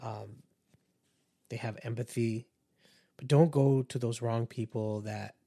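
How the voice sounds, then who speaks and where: A man's voice: medium pitch, fairly even intonation, slow pace, vocal fry, mellow. A man hosting a podcast, talking to listeners in an earnest, conversational way and warning them. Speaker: podcast host and empath coach. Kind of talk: casual podcast monologue.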